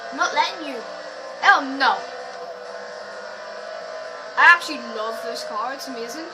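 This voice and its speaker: A woman giving excitable racing game commentary as a channel host, full of playful trash talk and sudden loud outbursts. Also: sits high. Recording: distant mic with background noise.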